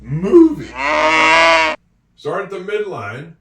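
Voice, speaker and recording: In a room with a whiteboard, an encouraging male English teacher gives a handwriting and spelling lesson, speaking slowly and drawing out his words. His voice is on the high side and very animated. It's recorded from a distance in an echoey room, and the audio is very noisy.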